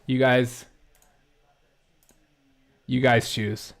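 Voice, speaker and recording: A man's voice: mid-range voice, steady tone, unhurried, pauses often, clear, resonant tone. A male host chatting casually while setting up a prank call, giggling and rambling. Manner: giggly, rambling, self-mocking. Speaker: show host. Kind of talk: casual comedic livestream chat.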